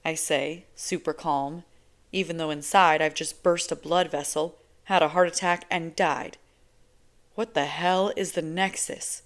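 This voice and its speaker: A woman reading a novel aloud in first person, with a measured, conversational delivery. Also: low voice, steady tone. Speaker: audiobook reader.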